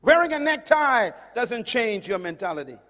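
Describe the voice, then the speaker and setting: High-voiced preacher in a hall. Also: male voice, sing-song, normal speed. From Caribbean island. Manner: emphatic, swings from loud to hushed. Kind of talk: sermon. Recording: long hall reverb.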